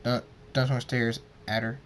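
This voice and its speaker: A man narrating an amateur story, halting and stumbling over words as he reads. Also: mid-range voice, flat delivery.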